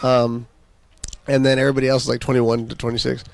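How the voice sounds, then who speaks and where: A man's voice: mid-range voice, flat delivery, fast, vocal fry. A man chatting casually as a podcast guest, telling stories in a laid-back way and chuckling often.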